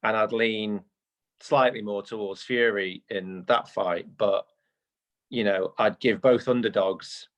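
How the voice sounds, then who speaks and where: A British man co-hosting a casual podcast chat, talking in quick bursts with stammering repeats. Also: fairly low pitch, fairly even intonation. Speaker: podcast co-host.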